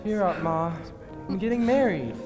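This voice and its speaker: A man's voice: sits high, moderate pace, a little mellow, close to an everyday voice. A man playing an anxious young groom. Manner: earnest, anxious. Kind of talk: stage play acting. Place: stage in a large hall. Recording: stage in a hall with music behind.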